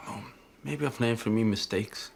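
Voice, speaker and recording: A man's voice: lowish voice, normal speed, vocal fry, a little hiss or hum. A man with a Northern English accent playing a blunt radio DJ and father in a TV comedy drama.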